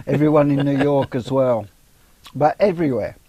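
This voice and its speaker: Aussie bloke chatting casual on a weekly show, self-mocking jokes, dry close mic. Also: male voice, medium pitch, moderate pace, dark tone, no room sound. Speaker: co-host of a weekly online chat show. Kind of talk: casual chat.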